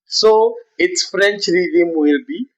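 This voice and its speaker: A man's voice: high-pitched, takes it slowly, low-quality recording. A man teaching a beginners' music lesson, explaining note values step by step and chanting rhythm syllables aloud.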